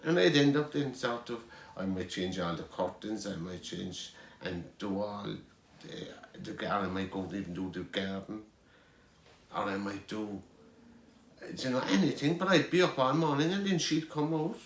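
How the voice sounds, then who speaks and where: A man's voice: on the low side, moderate pace, echoey room. A middle-aged Irish man telling rambling family anecdotes as an interviewee, chuckling as he goes. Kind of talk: storytelling.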